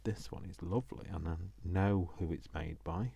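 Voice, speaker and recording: Deep, gravelly, and dark with a breathy edge, this British man's voice moves at a moderate pace. A crafting vlogger, he chats away to himself while making something, mocking himself as he goes.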